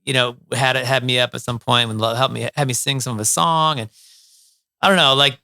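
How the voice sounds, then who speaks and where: A man's voice: mid-range voice, fairly even intonation, fairly quick, creaky, sharp tone, smooth, no echo, studio quality. A middle-aged man from Ohio, a musician, telling stories in a casual interview, with many fillers and restarts. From Toledo, Ohio, USA. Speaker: guest, musician.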